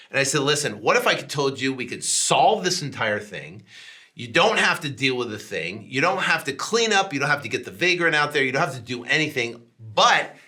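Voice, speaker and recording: A man hosts his own podcast with a very bright, forceful voice. He tells the story in a loose, conversational way, full of restarts, and slips into the voices of the people on the phone to act out the calls. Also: mid-range voice. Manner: animated, acts out both sides of phone calls; frequent restarts and "right?" tags. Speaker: podcast host. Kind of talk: casual storytelling.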